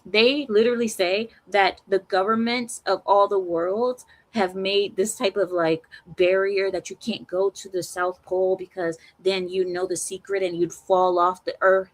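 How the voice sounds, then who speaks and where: A woman hosting a live stream, chatting casually with her viewers in a teasing, animated way and laughing often. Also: mid-range voice, unhurried, few pauses. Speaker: livestream host.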